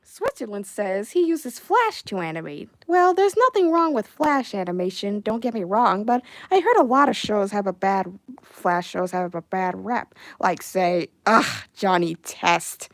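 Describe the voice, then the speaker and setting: A young woman chatting casually on a livestream while she animates, reading chat messages aloud and breaking into excited outbursts. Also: mid-range voice, normal speed, no echo.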